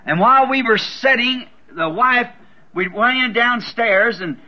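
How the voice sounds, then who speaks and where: A man's voice: very high-pitched, unhurried, pushed and bright. A man preaching a sermon, telling a vision as a fervent testimony and repeating words for emphasis. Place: church. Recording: dull lo-fi 1960s tape recording.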